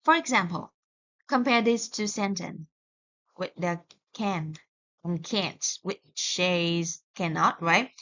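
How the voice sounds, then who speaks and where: Woman, pronunciation teacher, unhurried, says words one by one, dull lo-fi sound. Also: lowish voice, fairly bright tone. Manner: slow, deliberate, modelling words one by one; plain explaining tone with small restarts. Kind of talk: recorded video lesson. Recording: dull lo-fi recording.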